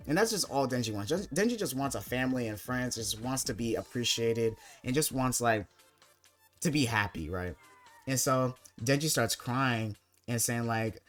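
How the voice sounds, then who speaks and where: Rambling young man, low voice. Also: moderate pace, soft background music. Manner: rambling, heavy filler words like "like" and "basically". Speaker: anime video essayist. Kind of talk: casual commentary recap.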